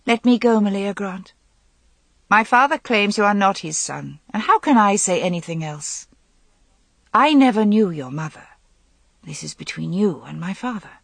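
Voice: medium pitch, lively intonation, moderate pace, gravelly, a bit bright, no echo. A reader voicing a young queen who speaks firmly in an audiobook. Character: young queen, firm but uneasy woman. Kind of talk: audiobook character voice.

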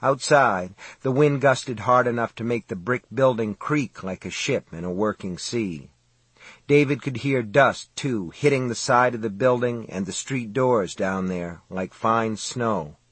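A man narrating a horror audiobook in a measured, suspenseful reading style, close to the mic. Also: mid-range voice, slightly rough, no room sound.

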